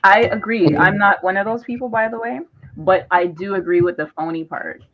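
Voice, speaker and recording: A woman's voice: medium pitch, a little fast. A Canadian-born woman on a live discussion panel, talking emphatically with lots of fillers and cutting in over others. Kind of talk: casual group discussion. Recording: dull lo-fi live stream audio.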